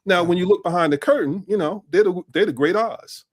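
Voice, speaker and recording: A man's voice: high-pitched, brisk. A man in his fifties, a guest on a casual interview, telling stories in a mix of street slang and business talk and repeating his phrases.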